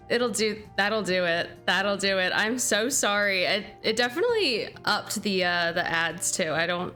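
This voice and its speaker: A woman's voice: medium pitch, bright, forceful tone. A young woman streaming a game who chats casually and bubbly with her viewers, thanking them by name. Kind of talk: casual livestream chat.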